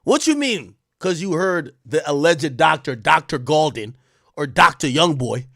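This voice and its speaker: A young man hosts a sarcastic commentary rant. His voice sits high and bright and leaps all over the place, from loud mocking outbursts to low asides. The sound is dry and close, with no room echo. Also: lively intonation, measured pace, creaky. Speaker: commentary show host.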